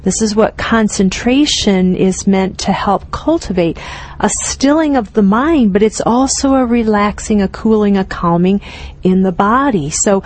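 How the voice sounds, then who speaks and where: Middle-aged woman, meditation teacher, slow gentle retreat talk, mid-pitched. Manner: gentle, unhurried, with soft laughs and fillers.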